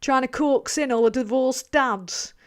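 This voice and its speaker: A sneering male online troll with a mocking, condescending sneer, as a woman puts him on. He speaks a little higher than an ordinary man. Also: measured pace.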